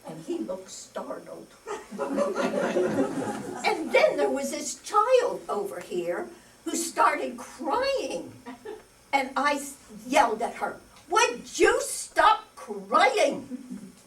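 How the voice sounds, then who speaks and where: In a distant recording from a community stage, an older amateur actor delivers a comic monologue to an audience, heavily acted in a high, fairly bright voice with huge pitch swings and an extremely slow pace. Her character, a cranky bag lady who is easily enraged, rambles indignantly and erupts in sudden outbursts.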